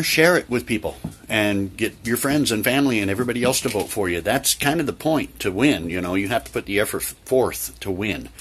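A man's voice: on the low side, husky. A man vlogging casually by an open door while it rains, chatty and repetitive with many ums. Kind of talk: casual talk to camera. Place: indoors by an open door, rain outside. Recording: light rain noise behind. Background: rain.

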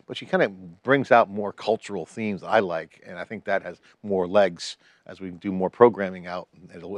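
A man's voice: sits low, no echo. A man co-hosting a podcast, talking in a rambling, chatty way and restarting phrases. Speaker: podcast co-host. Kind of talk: casual tech chat.

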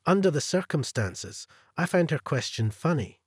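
A male narrator reading a first-person revenge story, husky and cold, with his pitch moving lively through each sentence. The voice is close and dry, with no room around it. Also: moderate pace, no echo.

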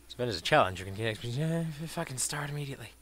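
A man giving profane gameplay commentary, muttering dry asides and bursting into shouted insults at enemies. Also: mid-range voice, lively intonation, racing, a little hiss or hum. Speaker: let's play gamer.

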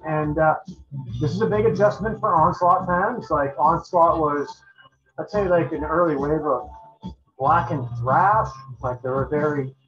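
A man's voice: a little high, fairly bright tone. A man casually running through albums he owns, talking in a loose, rambling way with many fillers and restarts. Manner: enthusiastic metal fan talk. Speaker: channel host reviewing albums. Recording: dull lo-fi recording.

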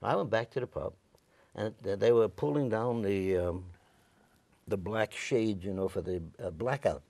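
An elderly veteran from Staten Island, New York, reminisces in an oral history interview with a rough, gravelly voice that sits a little low. He wanders through his story and acts out the other people's lines as he goes. The recording is close and dry, with no room sound. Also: normal speed, darkish tone, no room sound. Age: older; 90s.

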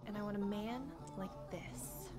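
A woman's voice: mid-range voice, sing-song, unhurried, over loud music. A woman comedy vlogger narrating a sketch to camera in a playful, sarcastic way. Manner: playful, sarcastic, giggly asides.

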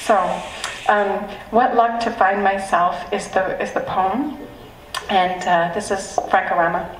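A woman's voice: mid-range voice, fairly even intonation, unhurried, a little hiss or hum. A woman poet speaking hesitantly and with emotion at a live reading as she introduces her last poem. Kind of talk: live poetry reading remarks. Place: live reading event in a room. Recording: echoey room, mic at a distance, faint ambience.

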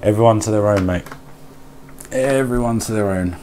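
A man's voice: lowish voice, normal speed, background noise. A man live streaming a building game, chatting casually, reading and answering his chat aloud and muttering to himself as he works.

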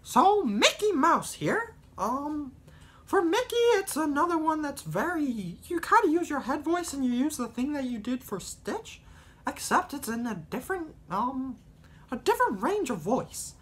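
A cheery cartoon mouse with a squeaky, giggly falsetto. The bright, high voice bounces up and down in slow, sing-song phrases. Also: male voice, very animated, a little hiss or hum, exaggerated voice.

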